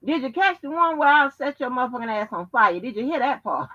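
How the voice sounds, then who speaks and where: Brash, cursing high-voiced woman host. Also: fairly quick, a bit bright. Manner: brash, heavy cursing, taunting. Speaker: show host. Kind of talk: profane live-stream rant. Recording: dull lo-fi stream audio.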